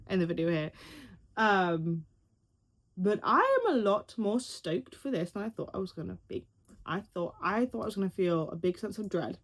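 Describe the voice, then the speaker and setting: A young woman vlogging at home, reacting to a film trailer in an excitable, rambling way, stumbling over words and swearing casually. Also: mid-range voice.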